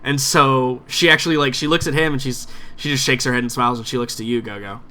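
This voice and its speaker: A male game master narrates a tabletop game in loose, rambling phrasing full of fillers. His pitch is ordinary for a man. Faint noise sits behind him. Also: steady tone, quick pace, pushed and bright.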